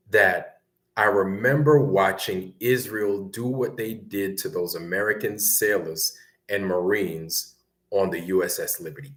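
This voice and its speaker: A very low-pitched man from Brooklyn tells a story in a loose, conversational ramble. He keeps checking in with his listener as he goes, in the easy tone of casual talk. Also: a bit bright. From Brooklyn, New York. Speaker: guest recounting military service.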